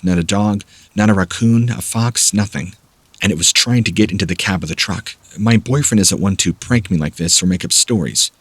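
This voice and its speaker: A man reading first-person scary camping stories aloud as a measured, steady narrator. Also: on the low side, husky, dry recording. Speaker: horror story narrator.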